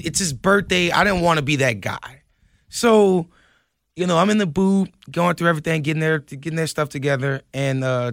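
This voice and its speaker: A young man, a podcast guest telling a story in an animated way and acting out the quotes. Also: a little high, no room sound, clean studio sound. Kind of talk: casual storytelling.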